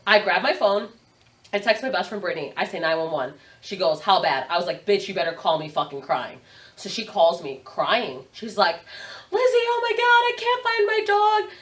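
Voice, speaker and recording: A woman's voice: on the low side, moderate pace, fairly bright tone, recorded from a distance. A young adult woman, a podcast guest, telling a story in casual chat, swearing and laughing often. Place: podcast studio.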